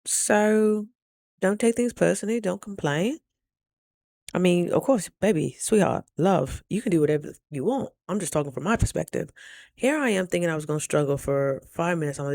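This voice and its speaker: A woman talks straight to camera in a casual vlog, spinning a story with playful, expressive flair. Her voice carries a gravelly, fry-edged texture, and the sound is close and dry with no room ring. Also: on the low side, normal speed, no room sound. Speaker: vlogger.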